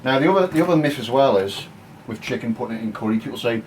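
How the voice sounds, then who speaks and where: A man's voice: mid-range voice, lively intonation, fast talker, slight background noise, low-quality recording. A man giving a casual, cheeky and crude cooking demonstration in his home kitchen. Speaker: home cook.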